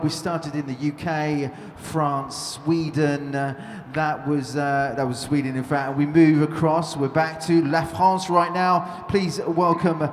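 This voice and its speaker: A man's voice: a little high, a little hiss or hum. A male event host emceeing a live stage competition in an upbeat, chatty, rambling way. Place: large exhibition hall stage. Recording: echoey hall with long reverb.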